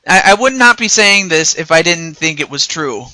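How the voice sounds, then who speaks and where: A man's voice: a little high, lively intonation, moderate pace, sharp tone, no echo. An American man hosting a casual interview, talking hesitantly with many fillers and restarts. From United States. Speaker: interview host.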